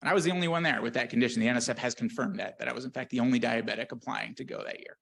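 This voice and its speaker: Brief: male scientist presenting at a conference, mid-pitched, earnest and candid, dry self-deprecating humor. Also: racing, gravelly, a bit bright, husky. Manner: earnest and candid, with filler words and restarts. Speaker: research scientist giving a conference talk.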